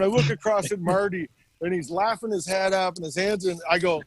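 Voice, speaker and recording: This interview guest, a middle-aged man who used to play hockey, spins casual stories and performs the dialogue in them with lively flair. He has a high voice and speaks at a normal speed, and the recording is rough.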